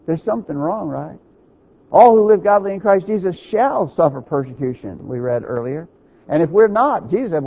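A man's voice: a little high, big pitch swings, normal speed, vocal fry, slightly rough, narrow, tinny audio. A man preaching a sermon, teaching earnestly, quoting scripture and checking in with his listeners.

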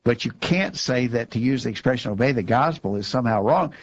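A man's voice: mid-range voice, animated, fairly quick, lo-fi sound, a little hiss or hum. A man co-hosting a Bible discussion show, explaining Scripture in an emphatic, conversational way and repeating himself when he insists.

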